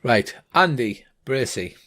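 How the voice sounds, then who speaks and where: A man's voice: medium pitch, animated, slow pace, bright, forceful tone. An older man narrating as game master in a tabletop game, with many hesitant fillers.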